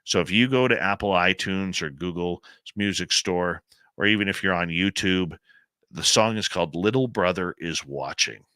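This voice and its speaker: A Canadian man hosts a late-night radio talk show, chatty and enthusiastic, rambling through stories and answers to audience questions. His voice sits low with a pushed, bright quality, at a moderate pace and with no room sound.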